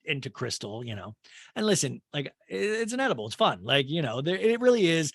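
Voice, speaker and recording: A man from Kansas hosting a podcast, giving an animated, gossipy and crude comedic recap of a reality show. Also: a little high, a little fast, creaky, no room sound, clean studio sound. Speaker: podcast host.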